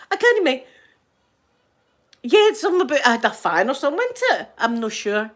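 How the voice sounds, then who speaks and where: A woman's voice: high-pitched, sing-song, brisk, pauses often. A middle-aged woman with a Scottish accent, chatting casually and rambling to her viewers as a channel host, laughing often. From Scotland.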